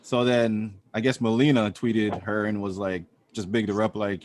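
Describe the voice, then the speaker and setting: Low-voiced man telling a story casually. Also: a little fast, hardly any pauses. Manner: animated storytelling, acts out quotes. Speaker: podcast co-host. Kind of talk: casual chat.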